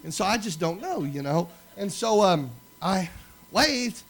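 Man, pastor preaching, animated storytelling, slightly high voice. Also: unhurried, vocal fry. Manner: animated storytelling, swings from loud to hushed. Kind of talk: sermon with personal stories.

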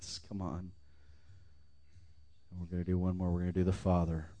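A pastor leading his congregation in a fervent sermon prayer, calling out lines for them to repeat and sometimes dropping to a hush. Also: low-pitched, completely flat delivery, a little fast. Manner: fervent, leads call-and-response prayers, drops to whispers.

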